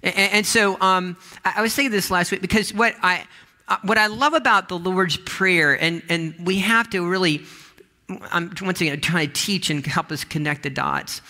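A man's voice: high voice, moderate pace, bright, forceful tone. A man, a pastor, giving a conversational sermon full of restarts and asides.

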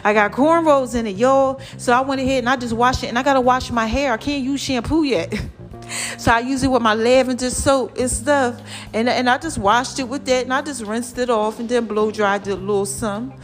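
A woman vlogger giving lively, preachy motivational talk straight to her viewers. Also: on the high side, brisk, faint music behind. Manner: lively and preachy, calls viewers "child" and "y'all".

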